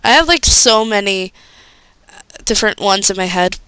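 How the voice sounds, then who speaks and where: A woman's voice: mid-range voice, lively intonation, moderate pace, bright, forceful tone, clear, resonant tone, no echo. A young woman chatting casually on a live stream, bubbly and gushing, often squealing with delight.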